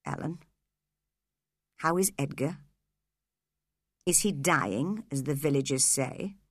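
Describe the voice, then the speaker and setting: A woman's voice: sing-song, takes it slowly, no echo, clean studio sound, exaggerated voice. A woman doing a cold, menacing villain man. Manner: low, quiet and controlled, flaring into shouts.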